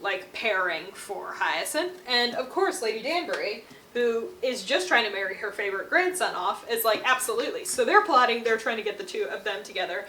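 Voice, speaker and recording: A woman's voice: fairly high pitch, lively intonation, normal speed, bright, forceful tone, reverberant, a little hiss or hum. Playful, slangy young woman recapping books. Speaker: book reviewer. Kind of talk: casual book recap.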